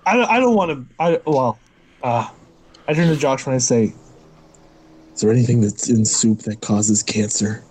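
A man's voice: mid-range voice, normal speed, long pauses, darkish tone, husky, low-quality recording. A man playing a tabletop game, joking and stammering as he talks. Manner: jokey, stammering restarts. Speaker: player. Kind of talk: casual tabletop play.

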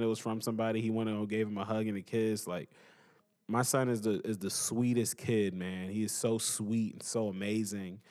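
A young man hosting a podcast, telling stories in a loose, rambling way with slang, joking and laughing, then going soft when things turn emotional. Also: lowish voice. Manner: animated, laughs and jokes between soft emotional stretches. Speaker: podcast host. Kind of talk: casual monologue. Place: at home.

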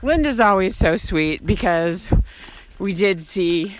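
A woman's voice: medium pitch, animated, slow pace. A woman hosting a podcast, chatting playfully and teasingly while out on a hike outdoors. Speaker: podcast host. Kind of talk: casual chat recorded on a hike. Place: outdoors on a trail.

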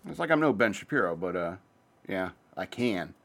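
Man hosting his own show, low-ish voice, loose rambling chat with swearing, hops from topic to topic. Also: sing-song, gravelly, fairly bright tone. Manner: rambling, profane, jumps between topics; says he talks fast. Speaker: podcast host. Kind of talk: casual rambling monologue.

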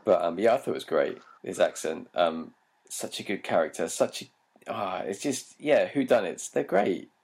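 A man's voice: sits low, lively intonation, normal speed, vocal fry, a little mellow, slight background noise. A man from Britain co-hosting a film podcast, hesitant and laughing often as he talks. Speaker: podcast co-host. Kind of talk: casual chat.

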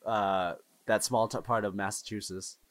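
A man from Houston co-hosting a podcast, chatting casually and telling animated stories with frequent laughs. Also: fairly low pitch, normal speed. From Houston, Texas. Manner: animated storyteller, laughs often. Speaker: podcast co-host. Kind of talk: casual chat.

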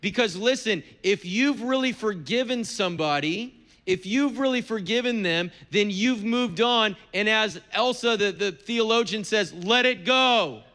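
Bright-voiced high male pastor preaching. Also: measured pace. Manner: conversational, earnest preaching with humor. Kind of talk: sermon.

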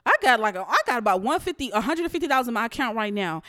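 A young adult woman hosting her own podcast, telling stories of work in a blunt, profane, animated way. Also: a little high, very fast, no room sound, clean studio sound. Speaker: podcast host. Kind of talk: casual storytelling rant.

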